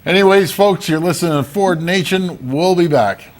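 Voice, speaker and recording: A man's voice: sits high, moderate pace, faint music behind. Sarcastic male talk show co-host. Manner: combative, sarcastic.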